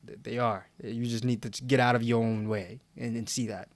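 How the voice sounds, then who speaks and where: A man's voice: mid-range voice, steady tone, a little fast, dry recording. A young man co-hosting a podcast, talking casually with slang and laughs. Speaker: podcast co-host.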